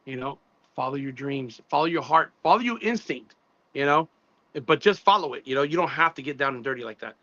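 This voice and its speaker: Guy hosting a stream chat, bright edgy voice, kinda muffled lo-fi. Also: mid-range voice, animated, a little fast, no room sound. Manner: shouts out viewers, admiring and emphatic. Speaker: show host. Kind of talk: casual live-stream interview. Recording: dull lo-fi dry sound.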